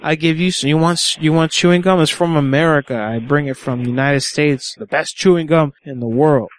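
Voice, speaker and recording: A man with a fairly high voice makes crude prank phone calls. He teases and sweet-talks whoever answers. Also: a little fast. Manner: crude, teasing, sweet-talking. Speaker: prank caller.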